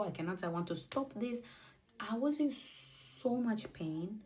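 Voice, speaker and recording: A woman's voice: medium pitch, animated, measured pace, dark tone, recorded from a distance, poor audio. A twenty-year-old woman telling a personal story in a candid, emotional way, acting out what she and others said. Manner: candid, emotional, acts out her own quotes. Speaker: vlogger.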